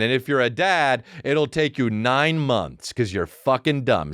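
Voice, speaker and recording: A man's voice: a little slow, hardly any pauses, clean tone, no echo, clean studio sound. A man in his thirties hosting a solo comedy podcast, swearing freely and ranting. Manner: profane, animated, riffs into mocking high-pitched character voices. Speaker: podcast host.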